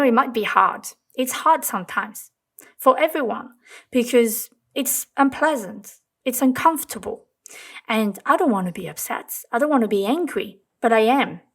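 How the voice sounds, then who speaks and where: A woman hosting a self-help talk, speaking gently and reflectively, repeating phrases for emphasis. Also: a little high. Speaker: host.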